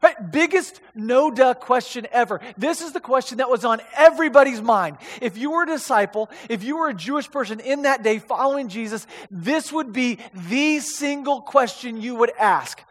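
A man preaching a sermon, reading scripture and adding animated, conversational asides. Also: extremely high pitch, normal speed. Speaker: pastor. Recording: reverberant hall.

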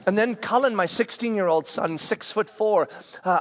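A man in his forties, a camp speaker, telling a story in a sermon with animated restarts and stammers. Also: high-pitched, a little fast. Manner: acts out quoted people in raised voices.

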